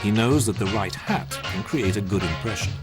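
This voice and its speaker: Deep-voiced documentary narrator man. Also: moderate pace, loud music behind the voice.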